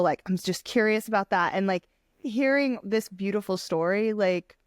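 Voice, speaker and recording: A woman hosting a podcast interview, talking in an expressive, casual way. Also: medium pitch, normal speed, clear, resonant tone, dry recording, clean studio sound. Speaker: podcast host.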